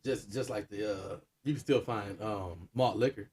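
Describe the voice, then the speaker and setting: A man's voice: lowish voice, normal speed, a little mellow, recorded from a distance, slight background noise. A man co-hosting a podcast in playful, casual chat, laughing a lot. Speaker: podcast co-host.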